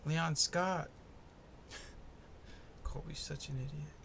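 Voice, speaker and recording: Young male podcast host, gravelly and slightly high, loose and profane, cracks jokes as he rambles. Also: steady tone, extremely slow, fairly bright tone, a little hiss or hum. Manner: profane, laid-back, rambling and jokey. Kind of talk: casual solo fight-prediction podcast. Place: home in the US East Coast.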